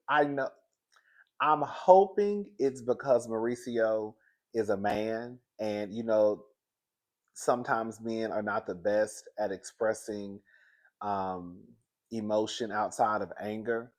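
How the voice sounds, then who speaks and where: A man in a casual, gossipy chat recapping a reality show, animated and laughing often, speaking. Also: lowish voice, slow. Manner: chatty, gossipy and animated, laughs often, says "girl" a lot.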